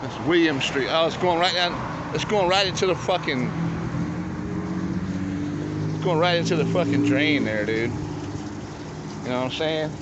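A man's voice: fairly high pitch, a little fast. A man vlogging outdoors with a handheld phone, swearing a lot and boasting in a slangy, casual way. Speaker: vlogger showing storm damage at home. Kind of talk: casual profane vlog. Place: outdoors at a house yard and street. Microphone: handheld phone camera. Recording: lo-fi phone audio with outdoor noise.

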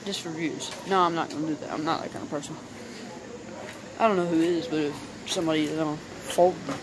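A man's voice: on the high side, fairly even intonation, fast. Rambling young guy vlogging, noisy recording. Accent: light Southern US. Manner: rambling, lots of "like" fillers. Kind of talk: casual vlog chat. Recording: noisy home video.

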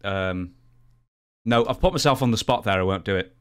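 A man's voice: fairly low pitch, normal speed, a bit bright, clean tone. A British man hosting an interview, polite and a little self-deprecating. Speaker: interviewer, podcast host. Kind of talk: casual interview.

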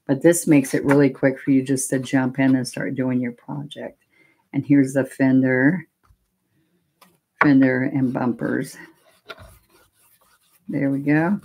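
A woman's voice: extremely low pitch, little pitch movement, takes it slowly, long pauses, dark tone, husky. A woman demonstrating a painting technique live, explaining each step in a chatty, step-by-step way. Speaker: painting instructor.

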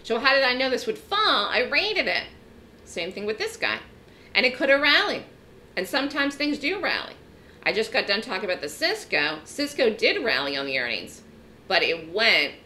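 A woman's voice: medium pitch, pushed and bright, slight background noise. A woman teaching a trading lesson in an emphatic, direct way, often checking in with her listeners. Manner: emphatic, direct, frequent "okay?" check-ins. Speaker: trading educator. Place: trading room webinar.

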